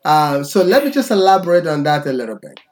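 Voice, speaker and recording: A man teaching tones in a relaxed, conversational lesson, patiently checking in with okay? after each point. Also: a little high, fast. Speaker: language teacher.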